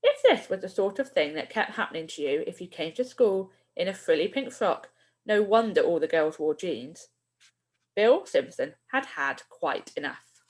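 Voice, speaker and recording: A woman, a primary school teacher, reading a children's book aloud with expressive storytelling. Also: fairly low pitch, moderate pace.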